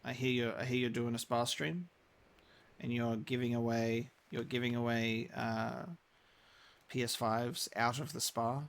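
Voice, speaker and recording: A man's voice: mid-range voice, flat delivery, unhurried. A young man chatting casually while live-streaming a game, rambling with many restarts.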